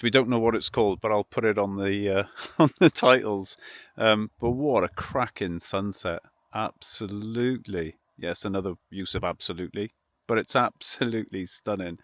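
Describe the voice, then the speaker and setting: A man's voice: lowish voice, a bit bright, no echo, studio quality. A man chatting casually as he films a travel vlog beside his campervan, easygoing and full of enthusiasm. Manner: easygoing, chatty, repeats "absolutely". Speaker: vlogger. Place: outdoors beside a campervan on the road.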